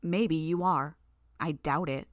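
A woman voicing a bitter young woman healer who speaks in a cool, mocking, quiet way. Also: sits low, takes it slowly, no echo, studio quality. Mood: cold, bitter.

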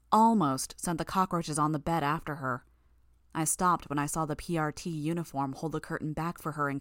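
A woman narrating fiction in the first person, in a measured, tense way. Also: deep voice, no echo, clean studio sound. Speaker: audiobook narrator.

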